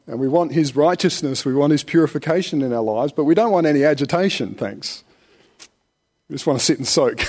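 A man preaching a relaxed, conversational sermon, with rhetorical questions and chuckles. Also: fairly high pitch, husky. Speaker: pastor.

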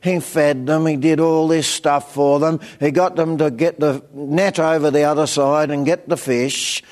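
A man's voice: a little high, steady tone, a little slow, darkish tone. An older man with an Australian accent preaching a sermon, telling plain-spoken stories and acting out quoted voices. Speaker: pastor.

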